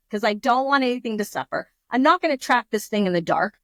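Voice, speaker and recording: A woman guest on a podcast, telling a story in a lively, casual way and acting out her own thoughts in quotes. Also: a little high, fast, dry recording.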